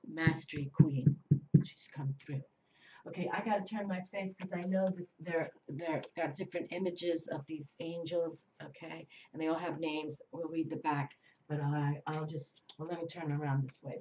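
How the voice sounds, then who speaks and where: A woman's voice: low-pitched, dark tone. A woman doing a tarot reading on video, talking casually and often adding "you know" and "okay?". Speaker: tarot reader. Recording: slightly distant, dull lo-fi sound.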